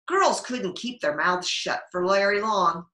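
A woman librarian reading a children's storybook aloud in a slow, expressive way. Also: mid-range voice. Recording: echoey room.

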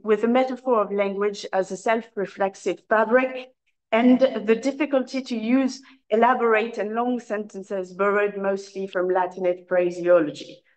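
A woman's voice: mid-range voice, low-quality recording. Woman reading a conference paper. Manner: measured, formal delivery with occasional hesitations. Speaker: academic conference speaker. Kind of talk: reading a prepared paper aloud. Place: lecture room at a conference.

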